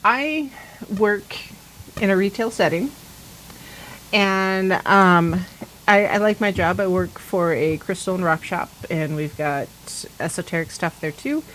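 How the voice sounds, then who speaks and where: A woman hosts a casual talk show in an easygoing, rambling way. She tells her story with lively energy and acts out other people's lines as she goes. Her voice sits at an ordinary middle pitch, with a faint hum in the background. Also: a little slow, low-quality recording. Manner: rambling, animated, acts out quoted dialogue. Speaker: host of a pagan talk show.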